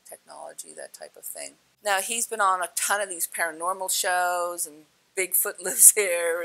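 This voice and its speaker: Animated woman storyteller, bright voice. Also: fairly low pitch, vocal fry, rough recording. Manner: laughs often, acts out quoted lines with big swings. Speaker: speaker sharing spiritual experiences.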